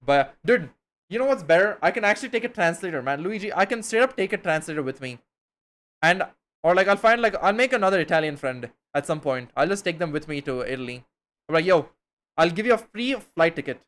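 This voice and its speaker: A young man from India, talking with his stream chat. His voice sits a little higher than most men's. He rambles casually, full of slang and the odd curse word. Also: animated, fast talker, a bit bright. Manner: slangy, swearing, chatty and rambling.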